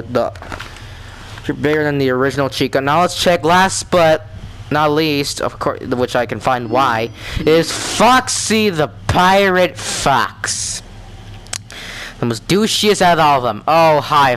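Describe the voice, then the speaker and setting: A man rambles through a let's play of a horror game at an ordinary middle pitch, jumping from casual chatter to startled outbursts. A faint hum of ambience sits behind his voice. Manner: excitable, jumpy reactions and rambling asides. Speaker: gamer.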